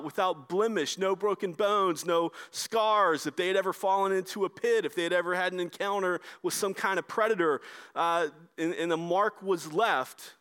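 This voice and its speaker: A man delivering a sermon with a slightly higher voice than most men. He preaches conversationally, speeding through some stretches and slowing down to lean on key lines. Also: a bit bright. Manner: conversational preaching, shifting between brisk and slow emphatic delivery. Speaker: pastor.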